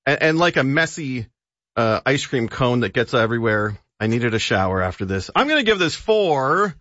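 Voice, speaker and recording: A man's voice: medium pitch, very animated, normal speed, a bit bright, dry recording, muffled recording. Male radio contributor, casual and laughing, dry close mic. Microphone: studio microphone.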